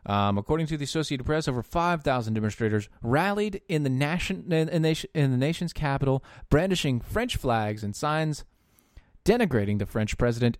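A man giving opinion commentary, halting often with fillers and dropping into sarcastic muttered asides. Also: medium pitch, expressive, no echo, studio quality. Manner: sarcastic asides muttered under his breath; halting, with frequent fillers and restarts. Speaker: political commentator.

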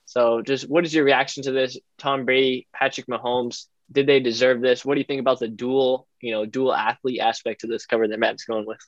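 A young man from California, co-hosting a podcast with measured, mock-formal reasoning. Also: medium pitch, little pitch movement, no room sound. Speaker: podcast co-host. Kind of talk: casual chat. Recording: dull lo-fi mic.

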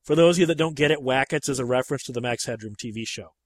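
A man hosting a casual movie chat, talking in an animated, emphatic way. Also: rapid-fire. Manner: animated and emphatic, with sharp rises in pitch when making a point.

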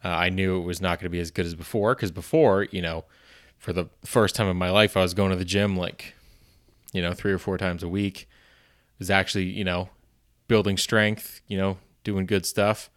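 A man with a fairly low voice hosts a solo podcast in casual chat. He rambles, pokes fun at himself, swears freely and fills gaps with "you know" and "um". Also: little pitch movement, moderate pace, a bit bright. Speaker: podcast host.

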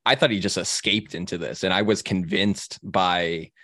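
A young man hosting a casual film discussion, halting with many restarts and fillers. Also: low voice, fairly even intonation, pushed and bright, no room sound, studio quality. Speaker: film podcast host.

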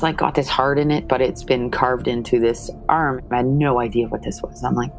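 A woman's voice: a bass voice, fairly even intonation, normal speed, few pauses, music in the background. A woman, a mother, giving an earnest, emotional account of her family's story. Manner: earnest, retelling scenes with quoted dialogue.

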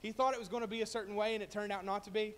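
A man's voice: high voice, steady tone, very fast, a bit bright. A man preaching a sermon, telling a story and building to emphatic, rising points. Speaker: pastor.

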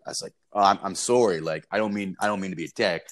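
A man's voice: low-pitched, steady tone, fast. A young man telling a wild story in casual chat, rambling and profane, with lots of filler words.

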